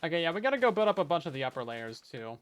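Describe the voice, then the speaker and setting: This man talks very fast in a fairly high, fairly bright, clear and resonant voice with big pitch swings. As a Minecraft let's play host, he narrates his building casually, chatting to his chat and making fun of himself.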